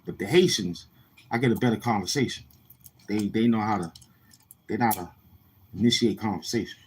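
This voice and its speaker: A man telling casual stories in a slangy, rambling way, often repeating himself and acting out other people in a higher voice. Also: a little fast, darkish tone, husky. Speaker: YouTuber. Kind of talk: casual street-talk storytelling.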